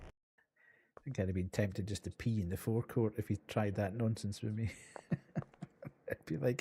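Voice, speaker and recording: A man's voice: on the low side, normal speed, long pauses, mellow, a little hiss or hum. A man streaming a horror game live, chatting casually with his viewers and laughing often. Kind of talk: live gameplay commentary.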